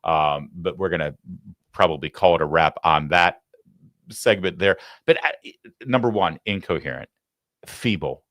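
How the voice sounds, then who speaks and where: A man with a fairly low voice hosts a live political talk show. He rants with heated sarcasm into a studio microphone, and the sound is close and dry with no room around it. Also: a little slow, fairly bright tone, no room sound. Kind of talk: live opinion commentary.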